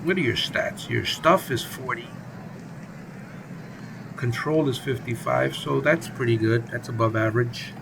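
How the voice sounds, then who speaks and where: A man with a gravelly, fry-laced voice calls a simulated baseball game in a loose, jokey play-by-play. His chatter is casual and playful, with a faint hum of noise underneath. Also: mid-range voice, measured pace. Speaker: gaming channel host.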